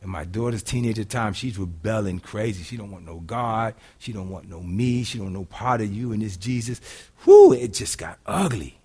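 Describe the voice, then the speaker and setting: A middle-aged man preaching a sermon in a casual, folksy way, moving between loud preaching and quiet, hushed storytelling. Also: lowish voice, animated, normal speed, hardly any pauses, breathy edge. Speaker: pastor.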